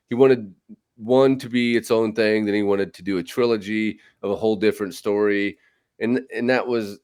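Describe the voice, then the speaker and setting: A man with a fairly low voice hosts a casual podcast chat. He rambles along, restarting sentences and dropping in fillers. His delivery stays loose and conversational. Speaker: podcast host. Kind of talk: casual chat about movies.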